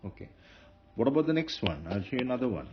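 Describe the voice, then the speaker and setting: A man's voice: medium pitch, sing-song, quick pace. A man teaching a grammar lesson, explaining step by step with fillers and self-corrections. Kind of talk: lecture. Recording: dull lo-fi lecture recording with faint noise.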